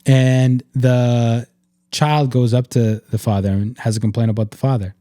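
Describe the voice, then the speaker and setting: A man in a casual faith-based podcast talk, with a mellow, warm tone. He speaks in an earnest, reflective way, and his sentences are loose and full of "like." The sound is dry, with no room around it. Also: mid-range voice, steady tone, moderate pace, no room sound. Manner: reflective, earnest, filler-heavy with frequent "like". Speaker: podcast host.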